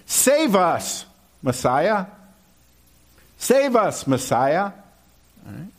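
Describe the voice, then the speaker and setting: A man preaching from the pulpit in a relaxed, conversational way, pausing to ask his congregation "okay?". His pitch leaps and dips animatedly as he quotes scripture and crowd shouts. He talks at a slow, deliberate pace. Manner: conversational, checks in with "okay?" often; animated, lively pitch swings when quoting. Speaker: pastor. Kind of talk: sermon with slides and scripture reading.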